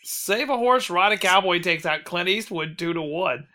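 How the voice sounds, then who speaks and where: A man's voice: high voice, animated, normal speed, sharp tone. A man hosting a casual podcast chat, rambling with lots of ums, laughing and swearing as he runs a bracket vote.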